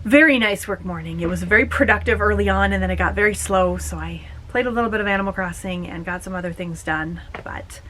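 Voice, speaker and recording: A woman's voice: mid-range voice, fast, few pauses, pushed and bright, a little hiss or hum, poor audio. A young woman with a Minnesotan accent, chatting casually and gushing in a home vlog, with plenty of fillers. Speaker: vlogger.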